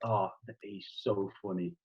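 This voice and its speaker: A young British man chatting casually as a podcast guest, swearing now and then and telling a joke with lively, animated delivery. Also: low voice, measured pace. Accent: British English. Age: young adult. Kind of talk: casual chat. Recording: husky voice, dull lo-fi sound.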